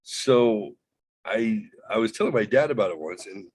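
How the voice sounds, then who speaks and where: A man hosting a podcast, telling a rambling, profane, animated story in casual chat. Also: on the low side, moderate pace, rough recording. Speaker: podcast host.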